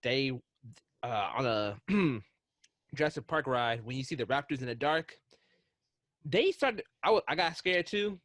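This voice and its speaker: A man co-hosting a casual podcast, telling excitable, rambling stories with frequent restarts. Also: mid-range voice, unhurried, pauses often, dry recording, clean studio sound. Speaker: podcast co-host.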